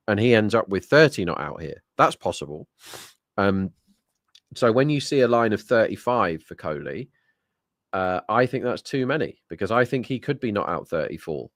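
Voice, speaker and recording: Low-voiced man talking cricket bets. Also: dry recording, clean studio sound. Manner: chatty, talks through betting lines. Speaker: co-host and betting tipster. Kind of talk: live sports watch-along banter.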